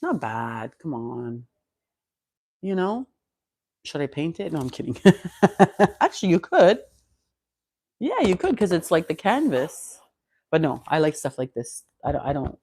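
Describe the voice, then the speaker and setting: A woman's voice: deep voice, sing-song, a little slow, pauses often, a little mellow, slightly rough, dry recording. A woman of fifty from Canada, vlogging in a chatty, rambling way with many restarts, close to a clip-on mic at home. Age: 50s. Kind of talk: casual chat.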